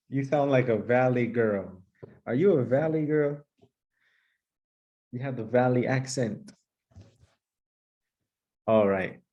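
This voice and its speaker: A man playing an English teacher, calling on students and giving brisk, upbeat praise. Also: medium pitch, dark tone, highs cut off. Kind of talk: playful classroom sketch.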